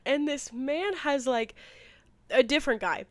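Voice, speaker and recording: A young woman from the Midwest, co-hosting a podcast and telling a story in casual chat, animated and full of "like" and laughs. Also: high-pitched, a little slow. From Midwest, Missouri. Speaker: podcast co-host.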